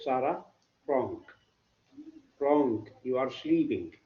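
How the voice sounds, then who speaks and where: Guy teaching class, talks real slow, keeps asking "what?", muffled lo-fi recording. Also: medium pitch, expressive, roomy sound. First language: Arabic. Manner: repetitive, quizzes students with "what?". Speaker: English literature teacher. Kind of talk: classroom lecture.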